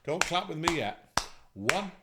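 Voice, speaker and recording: A man's voice: fairly high pitch, very animated, unhurried, heavy background noise. A man teaching an online music lesson to children, upbeat and encouraging as he counts them in. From England.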